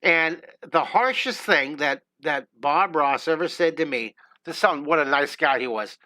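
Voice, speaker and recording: A chatty, enthusiastic middle-aged man talks through a live drawing lesson from a home studio. His voice sits a touch high and sounds bright and lively. The sound is dry, with no room echo. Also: measured pace. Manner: upbeat, chatty, enthusiastic with exclamations. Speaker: drawing teacher.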